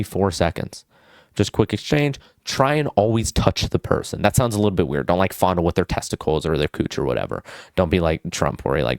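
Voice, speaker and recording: A man's voice: lowish voice, gravelly, darkish tone, dry recording, studio quality. A young man vlogging casual social advice, goofy and full of swearing and fillers. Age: young adult.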